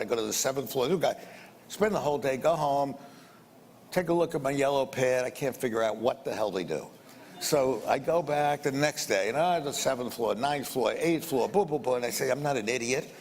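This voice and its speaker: With faint ambience and a long hall reverb around him, an older investor recounts a business anecdote in a chatty way. His darkish, mid-range voice carries a little hiss or hum as he repeats phrases and performs the dialogue.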